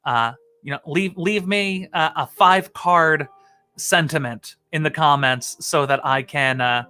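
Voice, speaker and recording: A man with a bright, somewhat high voice hosts a light comedy stream. He rambles casually to camera and pokes fun at himself. Faint music plays underneath. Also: clean tone. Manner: rambling, self-mocking, quick to laugh.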